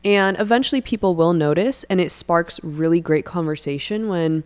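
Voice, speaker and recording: A young woman talking casually about her faith on a podcast, lively and storytelling, often acting out what her friends said. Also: fairly low pitch, moderate pace, clean tone. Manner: animated storyteller who acts out friends' lines. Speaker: podcast co-host.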